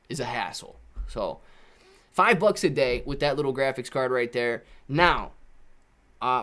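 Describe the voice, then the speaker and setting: Animated man hosting a casual livestream. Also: medium pitch. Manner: rambling, self-correcting, conversational. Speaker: livestream host. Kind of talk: live stream Q&A chat. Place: small room at home.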